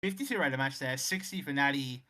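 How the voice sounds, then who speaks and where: A man's voice: medium pitch, a little fast. A man co-hosting a casual wrestling game commentary with lots of fillers. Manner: animated, filler-heavy chat. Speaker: co-host.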